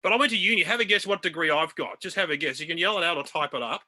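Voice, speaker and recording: An Australian man doing a stand-up comedy set over a video call from home, chatty and self-deprecating, with quick asides to his audience. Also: a little high, sharp tone. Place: home room.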